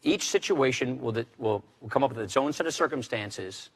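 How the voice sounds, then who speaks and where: A man's voice: mid-range voice, lively intonation, normal speed, breathy edge. A man, a congressman, speaking in a formal political debate, firm and repeating key phrases for emphasis. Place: debate stage.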